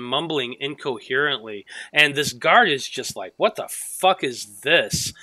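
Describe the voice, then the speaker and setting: Bright-voiced man running a tabletop game. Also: mid-range voice, no room sound, rough recording. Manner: loose, profane narration with halting restarts. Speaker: game master.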